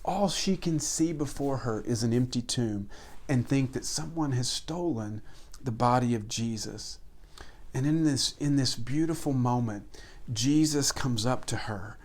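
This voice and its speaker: A man preaching a sermon in an earnest voice of middle pitch. He presses points through repetition, climbing in emphasis and then falling to hushed, quiet tones. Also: a little slow. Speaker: pastor.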